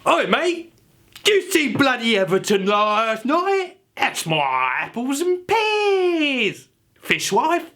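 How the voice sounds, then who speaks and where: Rowdy British-bloke caricature, pitched up high and barked loud. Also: male voice, wildly swooping pitch, slow pace, exaggerated voice. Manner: loud, exaggerated, shouting barks.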